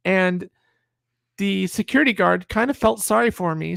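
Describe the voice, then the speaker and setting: A woman in her fifties from upstate New York, a guest telling an animated, salty anecdote and acting out other people's lines. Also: mid-range voice, normal speed, creaky, no room sound. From Sullivan County, New York, USA. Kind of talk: anecdotal storytelling in a video chat.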